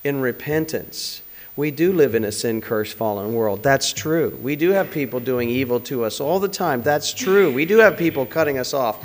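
A man's voice: mid-range voice, moderate pace, big-room sound. A man preaching a conversational sermon, full of rhetorical questions and direct appeals to the congregation.

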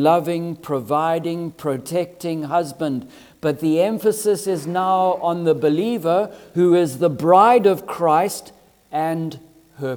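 A man delivers a sermon in a high voice, slow and deliberate, leaning hard on key words and letting phrases stretch out. His voice rings with a long reverb, as if recorded in a church sanctuary. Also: darkish tone. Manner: emphatic, drawn-out phrasing with rising and falling emphasis. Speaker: preacher.

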